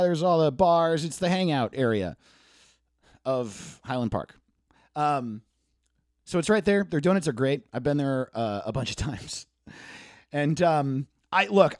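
A man's voice: a little high, dry recording, studio quality. A man hosting a podcast, delivering a comedic rant, swearing freely and laughing at his own points. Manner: profane, animated, laughing asides. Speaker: podcast host. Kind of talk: comedic monologue.

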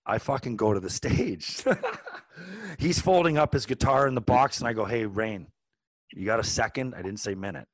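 A man in his forties, a podcast co-host, telling a long casual story with lots of restarts and animated asides. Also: medium pitch, moderate pace, no echo. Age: 40s. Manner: animated, rambling with many restarts.

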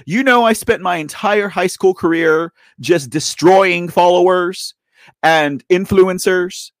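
Brief: forties male host, sarcastic off-the-cuff commentary, high lively voice, dry close sound. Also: slow pace, dry recording. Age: 40s. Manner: animated, sarcastic, laughing asides and rhetorical questions. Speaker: host of a political commentary show.

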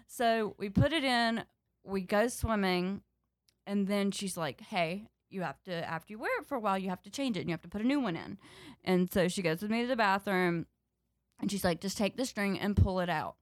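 Animated woman comedian telling a story. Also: mid-range voice, brisk, no room sound, clean studio sound. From North Carolina. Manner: animated, laughs often, acts out quotes. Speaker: comedian guest. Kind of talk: storytelling in casual chat.

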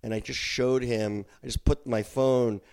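A middle-aged man hosts a podcast in relaxed, casual conversation. He rambles through a story with lots of restarts and quick asides, his voice sitting at an ordinary middle pitch. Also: vocal fry, clean tone. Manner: animated, rambling with many restarts. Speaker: podcast host.

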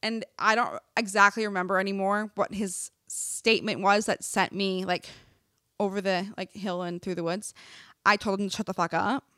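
A young woman telling a story in casual chat, animated and full of "like", swearing freely. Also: mid-range voice, normal speed, no room sound, studio quality. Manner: animated, filler-heavy with constant "like", swears freely. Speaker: podcast co-host.

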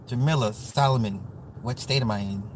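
A man from the US Midwest hosting a casual livestream, talking to chat with profane, joking, animated rants. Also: mid-range voice, fairly quick, a little hiss or hum. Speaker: livestream host reading chat.

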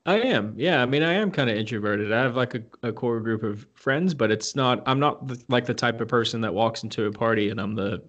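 A man guesting on a podcast, chatting in a relaxed, easygoing way with lots of "like". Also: mid-range voice, brisk, few pauses, lo-fi sound. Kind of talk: casual conversation.

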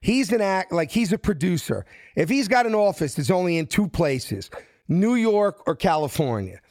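A man tells a story from his youth in an animated, street-smart way. He slips into different voices for each person he quotes. His voice sits a little high, and the sound is close and dry. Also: moderate pace, no echo. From South Philadelphia. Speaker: guest. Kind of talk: casual storytelling.

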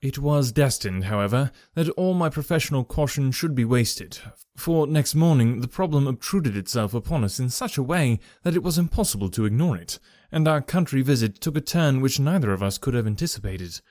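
A man reads a classic story aloud in an even storytelling manner. His voice sits mid-range and sounds dry and close to the mic. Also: mid-range voice, brisk, hardly any pauses, no room sound. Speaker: audiobook narrator. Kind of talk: scripted narration of a classic story.

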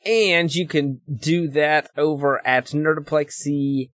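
A man's voice: on the high side, slow, fairly bright tone, dry recording, clean studio sound. A man co-hosting a podcast, chatting casually and joking his way through the show's outro. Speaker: podcast co-host. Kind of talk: casual chat and show outro.

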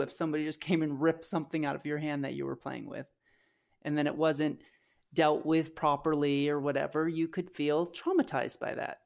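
Woman, low-pitched voice, podcast co-host, candid emotional storytelling, rambling with restarts. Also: darkish tone.

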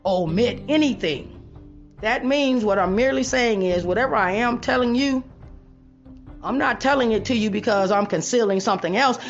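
A woman hosting her own show, talking straight to viewers in a blunt, profane, preachy monologue that rises into loud rants. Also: mid-range voice, muffled recording. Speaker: online show host.

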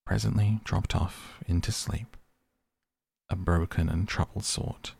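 A man gently reading a classic novel aloud as a softly spoken bedtime story to help listeners sleep. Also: low-pitched, steady tone, vocal fry, slightly rough, no room sound, clean studio sound. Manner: slow, gentle and soothing. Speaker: podcast host and audiobook reader.

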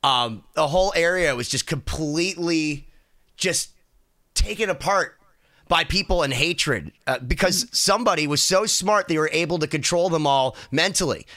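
A man hosting a casual chat, asking questions in an animated, sarcastic way. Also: on the high side, moderate pace. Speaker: podcast host.

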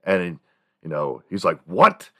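A man's voice: very deep voice, normal speed, no echo, studio quality. A man in his forties, from Texas, hosting a morning show and telling rambling, profane childhood stories with laughs of his own. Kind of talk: casual comedic storytelling.

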